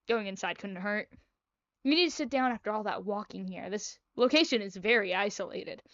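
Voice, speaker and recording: A woman's voice: medium pitch, fairly bright tone, dry recording, highs cut off. A young woman reading a visual novel aloud, with playful, chatty, self-mocking asides. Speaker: gaming video creator.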